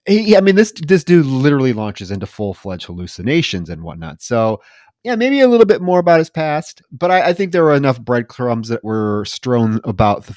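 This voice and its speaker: A man talking through a film on a podcast at an ordinary pitch. He circles back and repeats words as he thinks aloud. The sound is dry and close to the mic. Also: a little mellow, no room sound. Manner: halting, with frequent restarts and repeated words. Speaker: podcast co-host. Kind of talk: casual film discussion.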